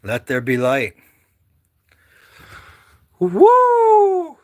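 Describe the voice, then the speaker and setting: A man from Michigan vlogging casually, rambling and joking with loud whoops. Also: on the high side, measured pace. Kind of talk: casual outdoor vlog chat.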